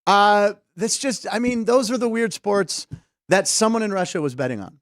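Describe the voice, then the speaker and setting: A man's voice: high-pitched, dry recording. A man hosting a sports comedy podcast from a studio desk, chatting casually with a jokey, rambling manner. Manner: jokey, rambling, quick asides. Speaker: host.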